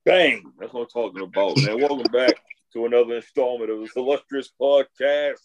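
A man's voice: mid-range voice, a little fast, lo-fi sound. A man hosting a podcast in casual chat, with laid-back, profane banter. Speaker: podcast host.

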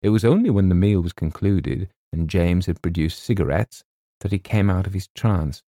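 A man reading a comic short story aloud as an audiobook narrator, in a measured storytelling manner. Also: deep voice, expressive, warm tone, no echo, clean studio sound. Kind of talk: scripted narration.

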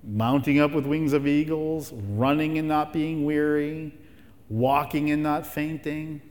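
A pastor with a slightly high voice preaches to his church, pressing his points with rhetorical questions and phrases that he repeats. His sermon rings out with a long reverb, as in a large hall. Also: fairly even intonation, a little slow, a little mellow.

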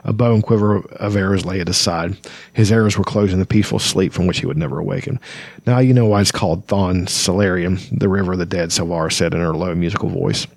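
A man's voice: sits low, steady tone, fast talker, creaky, no echo. A man reading passages from a fantasy novel aloud, stumbling over words and summarizing between them with many ums and uhs. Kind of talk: casual book reading with commentary.

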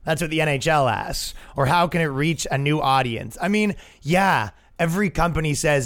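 A male comedian and podcast host riffing in a casual comedic monologue, animated and quick to slip into voices. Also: on the high side.

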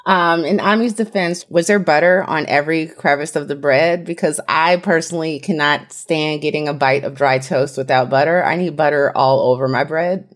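A woman hosting a parenting podcast, briskly steering the conversation between co-hosts. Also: sits low. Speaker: podcast host. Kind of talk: hosting casual chat.

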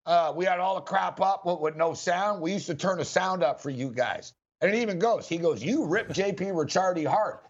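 Excitable high-voiced man, lo-fi sound. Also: a little fast, hardly any pauses. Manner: animated, excitable storyteller. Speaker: sports radio host. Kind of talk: casual storytelling chat. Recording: dull lo-fi audio.

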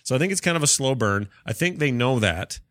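A man of medium pitch with an expressive, somewhat bright voice talks a little fast while co-hosting a casual gaming podcast. He goes on at length with many fillers and restarts, a bit stuffy, sneezing and coughing from allergies. The studio-quality recording has no echo, and his mic has a cough switch.

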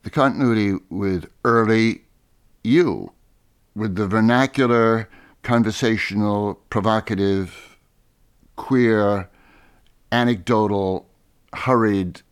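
A man hosting a literary interview, asking lively, articulate questions. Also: on the low side, slow, pauses often, clean tone. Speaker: interviewer, host.

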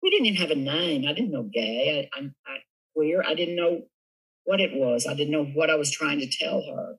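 Bright, husky Southern man telling stories. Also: a little high, moderate pace, rough recording. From Tennessee, USA. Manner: animated, giggly storyteller. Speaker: guest. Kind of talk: casual storytelling interview.

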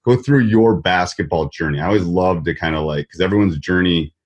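A man's voice: low-pitched, brisk, lo-fi sound. A man from Wisconsin with a Wisconsin accent, hosting a casual podcast interview and rambling with many restarts. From Wisconsin, US Midwest. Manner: rambling, restarts and repeats words. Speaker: podcast host. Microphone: desk mic.

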